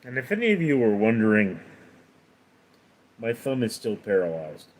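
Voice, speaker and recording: A man's voice: fairly low pitch, big pitch swings, moderate pace, darkish tone. A man chatting casually on a livestream, answering viewers' questions in a rambling, hesitant way. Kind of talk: casual live chat.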